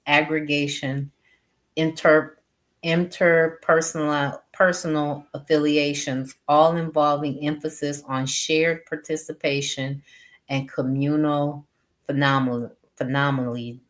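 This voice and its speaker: Slow, low-voiced woman reading aloud. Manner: slow and deliberate, pausing between phrases. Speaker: reader and teacher. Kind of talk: reading a text aloud with commentary.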